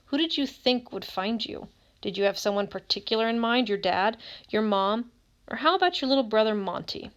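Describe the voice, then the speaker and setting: A woman's voice: medium pitch, lightly acted. A woman reading as a haunted teen who questions a dead friend in a relentless way, in an audiobook.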